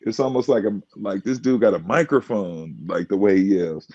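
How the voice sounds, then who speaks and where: A man, a former pro basketball player from the United States, telling stories in a casual podcast chat, animated and quick to laugh. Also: lowish voice, lo-fi sound. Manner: animated, acts out quotes, laughs often.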